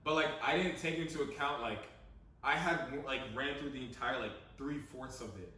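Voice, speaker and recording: A young man in casual podcast chat, rambling in a laid-back way and trailing off quietly. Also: medium pitch, moderate pace, heavy reverb, far from the mic, background noise. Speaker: podcast co-host.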